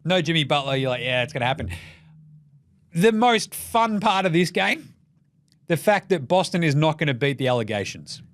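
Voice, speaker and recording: Animated, sweary Australian man. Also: on the high side, no room sound, clean studio sound. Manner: animated, profane, jokey rapid-fire riffing. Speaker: basketball podcast host. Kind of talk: casual solo commentary.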